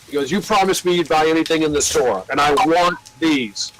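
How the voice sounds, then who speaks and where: A man's voice: a little high, brisk, few pauses, fairly bright tone, a little hiss or hum, poor audio. An older American man who owns a record label, telling long rambling anecdotes with swearing and acting out the voices of the people he quotes. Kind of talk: casual storytelling.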